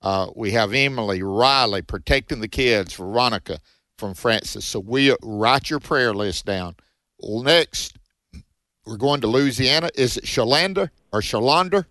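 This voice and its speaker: Fast, emphatic man hosting a prayer show. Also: lowish voice, bright, forceful tone, no room sound. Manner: fast, emphatic preacher-like delivery. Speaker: radio show host.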